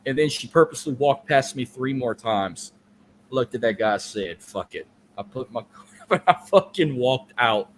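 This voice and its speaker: A man's voice: mid-range voice, expressive, moderate pace, a little hiss or hum. A man co-hosting a podcast, telling a long story in casual, profane, rambling chat. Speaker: podcast co-host.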